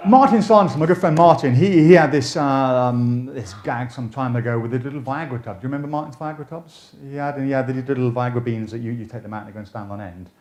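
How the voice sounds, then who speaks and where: A man's voice: medium pitch, quick pace, hardly any pauses, darkish tone. A man lecturing fellow magicians in a chatty, jokey way, often restarting his sentences. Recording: echoey room.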